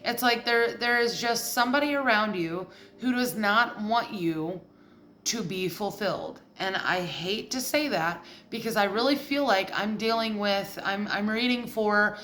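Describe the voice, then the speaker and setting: A woman's voice: mid-range voice, a little slow, fairly bright tone, slight background noise. A woman giving a casual tarot reading, blunt and profane, getting heated as she goes. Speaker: tarot reader.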